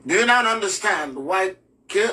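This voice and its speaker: A man lectures with force, hammering home points through rhetorical questions. His voice sits high and bright. He sounds slightly distant from the mic, with a faint hiss underneath. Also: animated, normal speed. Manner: emphatic, rhetorical questions, acts out scenes. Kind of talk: lively spoken lesson.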